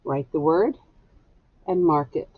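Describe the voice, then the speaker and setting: A woman's voice: low-pitched, slightly rough, no room sound, phone-quality sound. A woman teacher dictating a spelling test to young students, sounding out each word syllable by syllable. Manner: slow, deliberate, sounds words out syllable by syllable.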